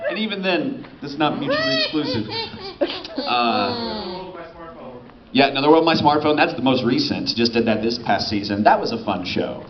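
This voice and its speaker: A man's voice: mid-range voice, wildly swooping pitch, moderate pace. A man who is a voice actor, chatting and laughing playfully with the audience at a convention panel. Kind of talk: casual convention panel talk. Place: large convention panel hall. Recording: echoey hall, muffled, loud crowd.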